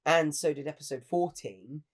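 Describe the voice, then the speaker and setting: Rambling, earnest podcast host. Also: male voice, a little high, normal speed. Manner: earnest, rambling, with many restarts. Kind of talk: casual chat.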